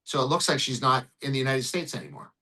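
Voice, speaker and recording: A man who works as an immigration lawyer, telling a case story in an interview in an animated way, swearing and acting out the dialogue. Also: mid-range voice, fast talker, rough recording. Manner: animated, profane, acts out dialogue.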